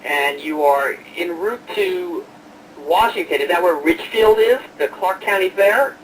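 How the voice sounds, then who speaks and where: A man's voice: high voice, a little slow, far from the mic, a little hiss or hum, rough recording. A man hosting an online radio show, chatting casually and jokingly with lots of hesitations and fillers.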